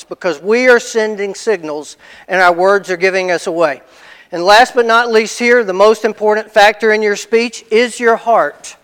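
Pastor guy preaching casual, high clear voice, repeats stuff for emphasis, big echoey church. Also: fairly bright tone. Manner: storytelling, repeats phrases for emphasis. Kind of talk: conversational sermon. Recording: long reverb of a large hall.

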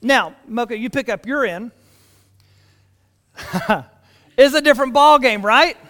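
A man in his thirties preaches a sermon, telling stories with a lively, restless delivery full of restarts. His voice sits high, and the church around him adds a long reverb tail. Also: slow pace. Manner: animated storytelling with repeated restarts. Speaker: pastor.

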